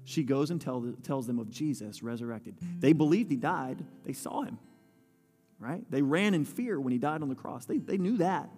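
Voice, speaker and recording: A man's voice: medium pitch, lively intonation, moderate pace, darkish tone. A man preaching a sermon, reading scripture aloud and putting questions to his listeners. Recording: long hall reverb with faint music.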